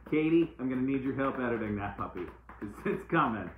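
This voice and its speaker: A man's voice: mid-range voice, animated, brisk, slight background noise. A man giving a casual, playful live-stream oracle card reading, repeating uplifting phrases like mantras. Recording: echoey room, tinny phone-like sound.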